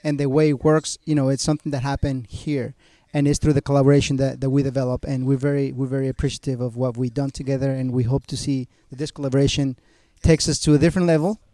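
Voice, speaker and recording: A man from a school district who hosts the interview and asks questions in an earnest, halting way, often repeating words. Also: mid-range voice, flat delivery, mellow, dry recording.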